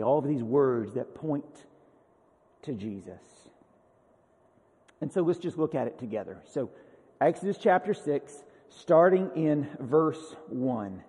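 A man preaching a sermon in a casual, conversational way, with emphatic stresses and lively paraphrases of scripture. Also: medium pitch, slightly rough. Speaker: pastor. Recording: long hall reverb.

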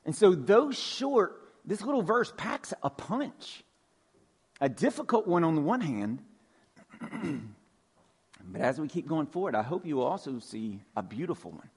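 Male pastor, sermon, church, conversational delivery, casual fillers, slightly high voice. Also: slightly rough. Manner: conversational preaching with frequent fillers. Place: church sanctuary.

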